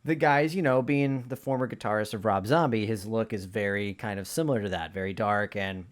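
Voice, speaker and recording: A man hosting a casual interview, telling a story in a chatty, animated way. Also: lowish voice, fairly quick. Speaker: host.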